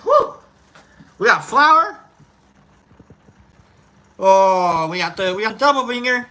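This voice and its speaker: A man hosting his own show in a casual chat, rambling loosely and sighing out loud between remarks. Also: sits high, big pitch swings, takes it slowly, poor audio. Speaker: host.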